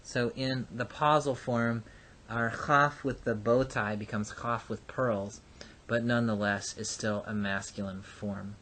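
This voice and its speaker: A man teaching a recorded lesson, explaining patiently with frequent pauses and fillers. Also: mid-range voice, steady tone, a bit bright, slight background noise. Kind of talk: recorded lecture.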